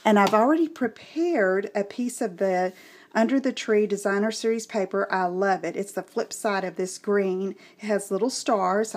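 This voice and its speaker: A woman with a Texas Southern accent talks through a craft demonstration in a relaxed, unhurried way, thinking aloud as she goes. Her pitch sits in a middle range. A faint hiss runs under her voice, and soft clicks come from the tabletop. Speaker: craft tutorial host.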